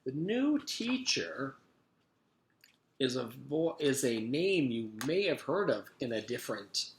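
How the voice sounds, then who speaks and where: A male teacher reading a children's chapter book aloud to his class in a relaxed, casual way. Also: mid-range voice, slow, a little hiss or hum. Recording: roomy echo.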